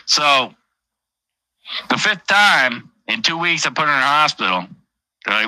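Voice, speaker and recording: A man's voice: mid-range voice, lively intonation, moderate pace, long pauses, sharp tone, no echo, poor audio. A man telling a personal story on a casual livestream, blunt and heavily profane, often repeating his phrases. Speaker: livestream host.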